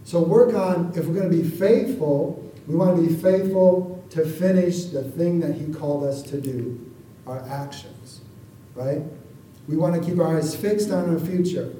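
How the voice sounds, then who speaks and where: A man's voice: on the high side, measured pace, dark tone, a little hiss or hum. A man preaching a sermon in a conversational way, often asking the congregation for an amen. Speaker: pastor. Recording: echoey room, voice from far off the mic.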